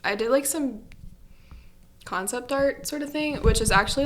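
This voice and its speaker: A woman's voice: on the high side, moderate pace, pauses often, background noise. A young woman, a guest on a podcast, chatting casually and rambling with lots of "like". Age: young adult. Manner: chatty, rambling, says "like" often. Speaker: podcast guest, animation student. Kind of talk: casual interview chat.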